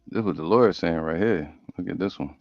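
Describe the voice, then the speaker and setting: A man preaching, reading Bible verses slowly and breaking off into casual commentary. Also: low voice, vocal fry, darkish tone, dry recording, soft background music. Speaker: preacher teaching scripture. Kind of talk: scripture study sermon. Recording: dull lo-fi audio.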